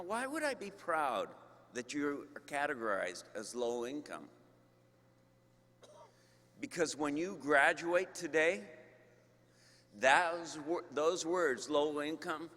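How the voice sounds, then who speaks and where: Male university leader, commencement address, unhurried, emphatic, long hall reverb. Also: fairly high pitch, big pitch swings, bright, forceful tone. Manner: slow, emphatic, with deliberate pauses. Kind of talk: commencement speech.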